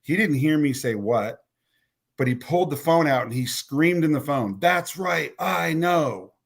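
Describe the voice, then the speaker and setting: A man's voice: medium pitch, animated, moderate pace. A man telling a personal story as a podcast guest, bluntly and with some swearing. He trips over and repeats words, and he acts out what others said as quoted dialogue.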